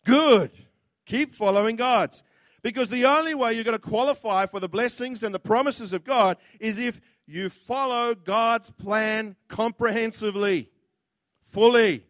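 A man with a high voice preaches a sermon in a blunt, impassioned manner, now and then acting out the words of others. The sound is dry and close, with no room echo. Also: moderate pace, fairly bright tone.

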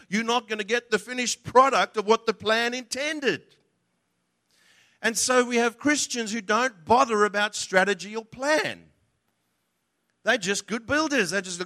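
A man's voice: sits high, pushed and bright. A man preaching a sermon emphatically, acting out the voices he quotes.

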